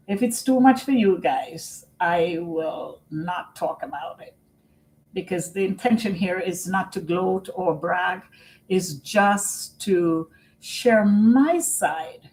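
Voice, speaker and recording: A middle-aged woman live-streaming on her computer at home, talking slowly and earnestly about caring for her father and often repeating herself. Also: fairly low pitch, a little mellow, poor audio. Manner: slow and earnest, repeats phrases. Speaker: vlogger and family caregiver. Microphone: computer microphone.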